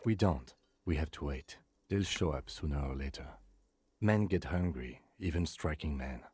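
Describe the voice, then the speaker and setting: A gruff, patient character from a game who speaks slowly and with assurance. His voice is very low, dark and husky. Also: heavily acted. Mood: assured.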